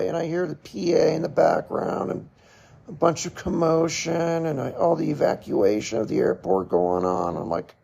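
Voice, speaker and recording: A middle-aged man hosting a podcast, telling a personal story in a slow, reflective way with short laughs. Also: a little high, warm tone. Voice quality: gravelly, husky. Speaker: podcast host.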